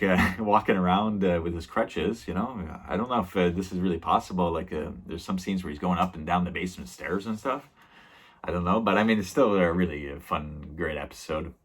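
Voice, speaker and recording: A man's voice: deep voice, a bit bright. A man casually recapping a TV episode as a reviewer, rambling with many fillers and small laughs.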